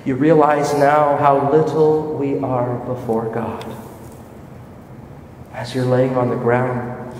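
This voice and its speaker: A man leading a guided scripture meditation, speaking slowly and vividly and asking listeners to picture the scene. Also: medium pitch. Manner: slow, imaginative, rising excitement at the climax. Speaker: meditation leader. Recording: very echoey hall, voice from far off, faint hiss.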